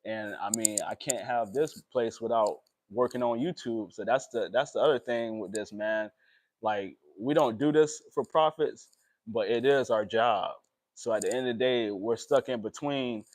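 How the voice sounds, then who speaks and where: A young man, talking emotionally and haltingly in a personal vlog, with many pauses and fillers. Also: medium pitch. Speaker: vlogger.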